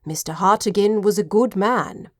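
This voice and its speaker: A woman voicing an elderly male butler in his seventies, formal and devoted, speaking slowly and softly. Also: mid-range voice, dry recording, clean studio sound, close to an everyday voice.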